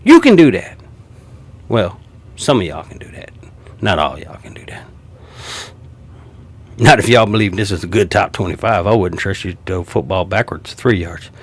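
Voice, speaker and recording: A man's voice: low voice, sing-song, moderate pace, pauses often, slightly rough, no echo. A man, ranting profanely about college football rankings. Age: 50s. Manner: profane, heated and mocking. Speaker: sports commentator. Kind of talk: ranting sports commentary.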